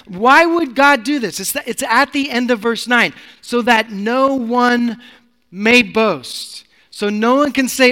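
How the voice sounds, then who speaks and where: A male pastor preaching a sermon in a church, emphatic and swinging from loud to hushed. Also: extremely high pitch, slow pace, long reverb tail.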